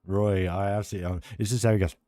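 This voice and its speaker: A man's voice: on the low side, steady tone, racing, warm tone, no echo, studio quality. A British man live-streaming a building game, chatting enthusiastically and rambling with restarts. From United Kingdom. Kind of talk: casual live-stream chat while building.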